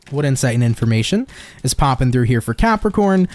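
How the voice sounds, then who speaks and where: A man's voice: mid-range voice, very animated, moderate pace, darkish tone. A young man giving a casual tarot reading from his home office, laid-back and swearing freely, with frequent laughs. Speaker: tarot reader.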